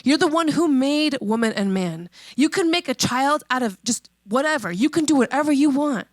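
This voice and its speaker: A woman in her thirties preaching a sermon, conversational and emphatic, repeating questions and slowing on key phrases. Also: high voice, lively intonation, dry recording. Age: 30s. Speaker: pastor.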